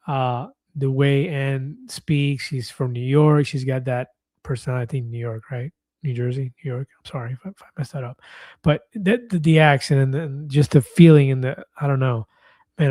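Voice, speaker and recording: Casting note: talkative livestream host in his fifties, mellow voice, dry close sound. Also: medium pitch, dry recording. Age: 50s. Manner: chatty, reads viewer comments aloud, laughs easily. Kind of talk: casual livestream chat.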